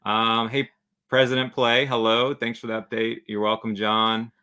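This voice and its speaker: A man's voice: medium pitch, flat delivery, moderate pace, bright, forceful tone, smooth. A man hosting a casual travel livestream, chatty and joking as he reads viewer comments aloud. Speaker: travel channel host.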